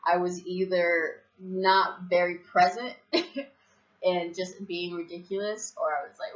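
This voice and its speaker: A young woman vlogger telling a story in a casual, animated way, laughing often and acting out her own past reactions. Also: fairly low pitch, moderate pace, lo-fi sound.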